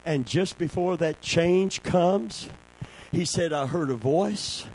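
A man preaching a sermon, calling for amens and swinging between a low hush and a shout. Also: slow, rough recording.

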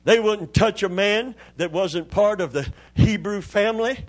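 A man's voice: high-pitched, measured pace. An older man, a pastor preaching a Pentecostal sermon in a church, joking in a folksy way and calling on the congregation for amens.

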